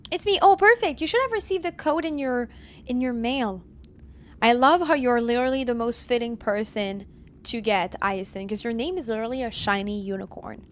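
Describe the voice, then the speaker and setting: A woman's voice: a little high, a little hiss or hum. A woman live-streaming from home, chatting casually and answering viewers as she plays. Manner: chatty, reads chat aloud and answers viewers.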